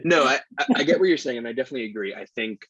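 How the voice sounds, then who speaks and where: Husky guy w a lowish voice rambling on a podcast, says like a ton, dull dry mic. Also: expressive, racing, a bit bright, no echo. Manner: rambling, heavy use of "like". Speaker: podcast co-host. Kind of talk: casual chat.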